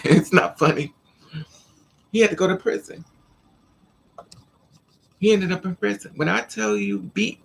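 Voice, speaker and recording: A woman's voice: deep voice, gravelly, husky. A woman vlogger telling stories in a casual livestream chat and talking straight to her viewers. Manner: chatty storytelling, addresses viewers directly.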